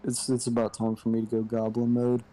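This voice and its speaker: Mellow young man, joking storyteller. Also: mid-range voice, monotone, brisk. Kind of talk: casual chat with friends.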